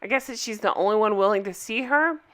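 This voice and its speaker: A woman chatting casually as she recaps a TV episode, rambling and correcting herself, dropping into quick voices for the characters. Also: mid-range voice, a bit bright. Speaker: TV show reviewer.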